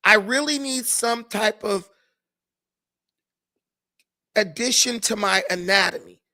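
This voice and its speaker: A man's voice: sits high, takes it slowly, sharp tone, heavily acted. A man voicing a boastful male bee guarding his honey, with a swaggering, streetwise manner. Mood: pleading.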